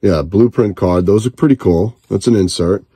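A man's voice: fairly low pitch, moderate pace, dark tone, husky, dry recording. A middle-aged man chatting casually while opening card packs with his son, giving wry, grumbling running commentary. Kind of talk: casual chat.

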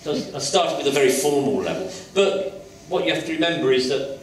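Lively older man, echoey hall. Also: a little high, fast, recorded from a distance, slight background noise. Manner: lively storyteller acting out voices. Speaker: sculptor, invited guest artist. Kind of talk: anecdotal talk on stage. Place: college lecture hall.

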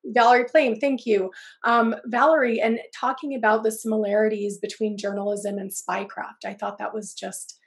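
A woman's voice: a little high, steady tone, moderate pace. A woman with a scratchy voice from a cold, moderating a webinar conversation on press freedom over a video call. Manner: conversational, with frequent ums and restarts.

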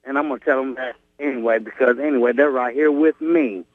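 A male caller giving a loud, cheerful shout-out over the phone. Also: medium pitch, fairly even intonation, fairly quick, no room sound. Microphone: phone line. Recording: tinny dry phone line.

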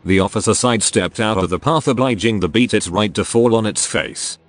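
A man's synthetic text-to-speech voice reading a military science-fiction story as narrator in a flat, even manner. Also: lowish voice, a little fast. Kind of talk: scripted narration.

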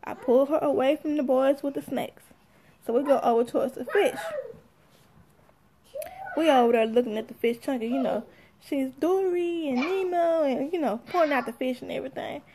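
Young woman, AAVE, high gravelly voice, sassy storyteller acting out quotes. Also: moderate pace, a little hiss or hum. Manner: animated, sassy, acts out quotes. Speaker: mother telling a story. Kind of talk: casual storytelling.

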